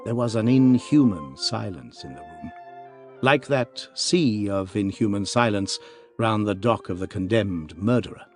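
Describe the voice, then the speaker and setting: A man narrating a classic detective story in an expressive, dramatic reading. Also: lowish voice, unhurried, soft background music. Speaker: audiobook narrator. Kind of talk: scripted narration.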